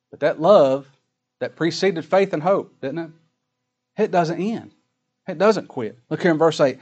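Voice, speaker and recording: A middle-aged man preaching a sermon, folksy, swinging from loud emphatic scripture reading to quiet asides. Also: fairly high pitch, a little slow, pauses often. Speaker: pastor.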